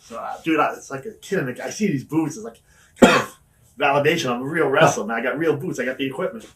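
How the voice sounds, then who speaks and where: A man's voice: mid-range voice, quick pace, a bit bright, far from the mic. A man telling wrestling stories in an interview, swearing often and laughing through his anecdotes. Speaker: wrestler guest. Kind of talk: storytelling shoot interview.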